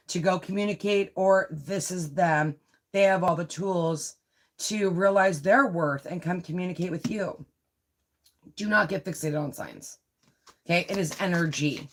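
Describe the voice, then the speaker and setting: A woman giving a live tarot reading, chatty and confiding, often checking in with "right?" and "you know". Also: on the low side. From Italian heritage. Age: adult with a child. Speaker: tarot reader.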